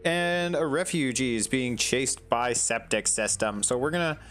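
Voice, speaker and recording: A man's voice: medium pitch, unhurried, a bit bright. A man casually commenting as he plays a video game, chatting to the characters on screen. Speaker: gaming channel host. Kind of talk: casual let's-play commentary.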